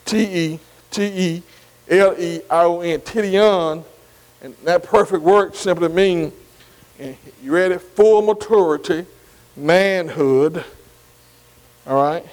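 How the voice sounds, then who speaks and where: A man's voice: a little high, slow pace, low-quality recording. An older man teaching a Bible study sermon, filling his talk with "see?", "amen" and questions to the room. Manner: repetitive call-and-response, many "see" and "amen" asides. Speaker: pastor.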